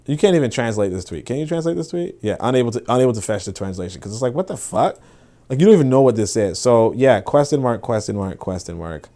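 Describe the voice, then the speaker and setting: A man hosting a casual podcast, talking in a profane, dismissive and animated way. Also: medium pitch, quick pace. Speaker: podcast host. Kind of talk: casual commentary.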